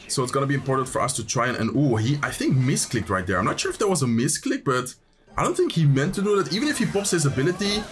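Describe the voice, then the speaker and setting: A young man giving live commentary on his gameplay, thinking aloud, excitable and talking straight to viewers. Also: medium pitch. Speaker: gaming commentator.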